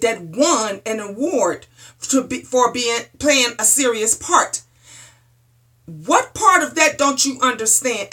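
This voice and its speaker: A woman's voice: a little high, bright, forceful tone. A middle-aged woman ranting bluntly, with a lot of profanity and repeated phrases, in a heated opinion vlog. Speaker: vlogger.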